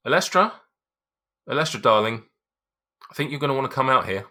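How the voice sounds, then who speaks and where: A man's voice: fairly low pitch, animated, a little fast, bright, forceful tone, heavily acted. A man voicing a friendly middle-aged male shopkeeper who talks in an effusive, fumbling way.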